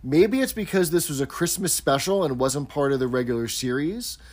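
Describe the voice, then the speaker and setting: Guy on a podcast, bit high voice, keen, walks through scenes. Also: moderate pace, darkish tone. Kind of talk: casual chat.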